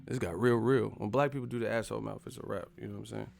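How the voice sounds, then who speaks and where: A man hosting a live stream, profane and animated, acting out the people he talks about. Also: on the low side, very fast, vocal fry, a little hiss or hum. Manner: profane, animated, acts out quotes. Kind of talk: casual live-stream commentary.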